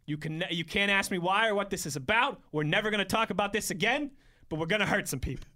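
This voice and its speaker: High bright-voiced man, sports radio. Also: quick pace. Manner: goofy, joking, laughs often. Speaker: radio show co-host. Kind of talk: casual sports radio chat.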